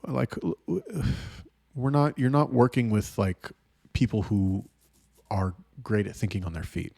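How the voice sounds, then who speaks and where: A man's voice: fairly low pitch, gravelly, darkish tone, slightly rough, dry recording, clean studio sound. A young adult man hosting a casual vlog, talking bluntly and profanely with a rambling flow. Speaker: host.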